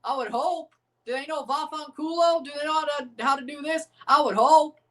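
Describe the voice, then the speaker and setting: A woman's voice: high-pitched, fairly quick, a bit bright. A woman hosting a live sports watchalong, joking and swearing, abrasive on purpose. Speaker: livestream host.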